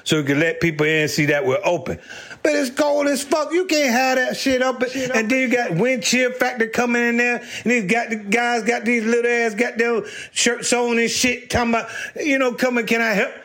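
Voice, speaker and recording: A man's voice: very high voice, normal speed, fairly bright tone. A man telling a rambling, profane comedy story about his old job, swearing constantly and laughing as he talks. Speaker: stand-up storyteller.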